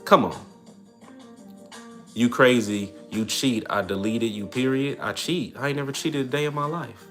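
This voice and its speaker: A man's voice: mid-range voice, normal speed, soft background music. A man hosting a livestream, giving blunt relationship advice in casual chat while answering viewers. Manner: blunt, streetwise, animated preaching to chat. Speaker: livestream host.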